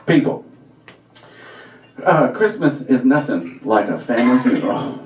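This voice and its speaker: A man's voice: mid-range voice, measured pace, long pauses, a loud crowd. Man telling a wry story. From Alabama, US. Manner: lively, wry, conversational with many fillers. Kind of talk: live comic storytelling. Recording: echoey room, voice from far off.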